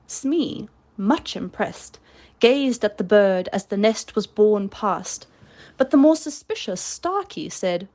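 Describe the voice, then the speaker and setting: Woman narrator, storybook reading, slow, measured, mid-pitched. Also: expressive, a little mellow. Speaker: audiobook reader.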